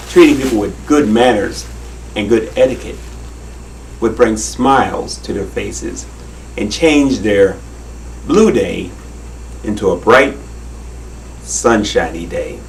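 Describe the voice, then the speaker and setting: A man's voice: lowish voice, takes it slowly, long pauses, a little mellow, recorded from a distance, a little hiss or hum, rough recording. A man hosting a children's magic show, talking viewers through his tricks in a friendly, instructive way.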